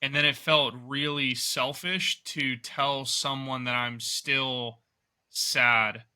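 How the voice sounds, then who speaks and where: Earnest man with a very bright voice. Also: mid-range voice, steady tone, takes it slowly, clear, resonant tone. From United States. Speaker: podcast guest. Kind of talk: podcast interview.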